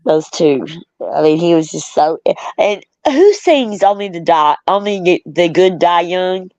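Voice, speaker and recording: A middle-aged woman hosts a casual chat, reminiscing rambly, laughing often, and reading viewer comments aloud. Her fairly low voice is animated, unhurried, and a little mellow, with no echo in the dull, lo-fi recording.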